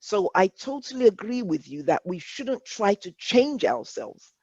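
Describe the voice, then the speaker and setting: A woman's voice: medium pitch, big pitch swings, unhurried, a little mellow, breathy edge, no room sound. A woman leading a workshop discussion, speaking earnestly and reflectively, often repeating words as she works through a point. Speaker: workshop facilitator. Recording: dull lo-fi dry sound.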